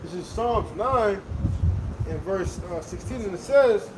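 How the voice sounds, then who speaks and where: Male scripture reader, high voice, slow careful delivery, echoey outdoor sound with traffic. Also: animated. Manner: reads verses slowly and carefully. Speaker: scripture reader at a street preaching. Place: outdoors on a street. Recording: roomy outdoor recording with traffic noise. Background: traffic and street ambience.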